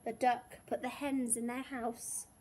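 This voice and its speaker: A woman teacher reading a picture book aloud to young children in a gentle, expressive storytelling way. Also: fairly high pitch, measured pace, a little hiss or hum.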